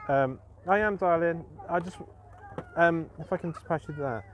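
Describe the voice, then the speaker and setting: A man's voice: on the high side, normal speed, a little hiss or hum. A man chatting casually on his fishing live stream as host, self-mocking and full of fillers and restarts.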